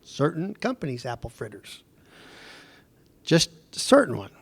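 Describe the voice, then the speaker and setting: A man's voice: a little high, wildly swooping pitch, measured pace, creaky, breathy edge, dry recording. A middle-aged man teaching a Bible lesson in a conversational, digressive way, often putting questions to his class.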